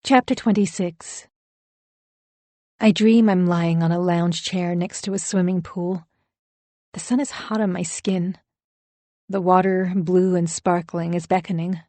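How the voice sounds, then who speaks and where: A woman's voice: fairly low pitch, fairly even intonation, measured pace, pauses often, warm tone, no echo. Female audiobook narrator, first person, intense dramatic read, dry booth. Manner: dramatic, emotionally charged reading.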